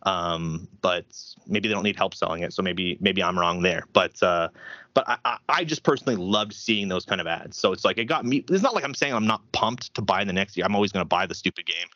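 A man guests on a podcast, rambling casually with plenty of fillers. His pitch jumps around a lot. The recording is dry and a bit dull. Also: lively intonation, a little fast, sharp tone, dry recording. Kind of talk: casual interview chat.

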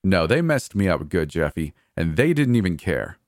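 A man's voice: low voice, very animated, moderate pace, no echo, clean studio sound. A man voicing a cold, gleeful, murderous adult brother in a horror story, with a taunting, sneering delivery. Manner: taunting, sneering, coldly cheerful.

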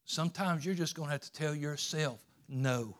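A man preaches a sermon in a fairly high voice. He climbs to loud, emphatic peaks, then drops to murmured asides, repeating words as he drives his points home. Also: normal speed. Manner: swings from shouting peaks to low asides, with repetitions.

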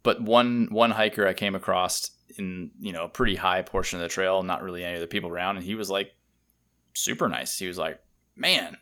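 A man's voice: deep voice, brisk, a bit bright. A man co-hosting a podcast, telling easygoing stories about people he met on a ride. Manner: laid-back storytelling, quotes people he met. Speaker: podcast co-host. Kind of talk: casual chat.

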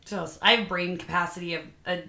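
Joking woman co-host, bright tone, recorded in a room with echo. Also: lowish voice, fairly even intonation, gravelly, slight background noise. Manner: joking, swears freely, quick reactions. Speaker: podcast co-host. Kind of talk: casual chat.

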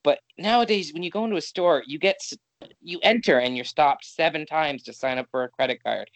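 Fast-talking ranting man from Canada. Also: a little high, a bit bright, no echo. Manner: ranting, exasperated storytelling. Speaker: podcast co-host. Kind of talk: casual chat.

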